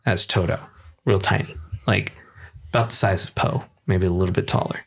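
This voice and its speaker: A man's voice: deep voice, steady tone, normal speed, vocal fry, a little hiss or hum. A young man on a casual podcast, telling a long, rambling anecdote with fillers and laughs. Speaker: podcast co-host. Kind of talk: casual chat, storytelling.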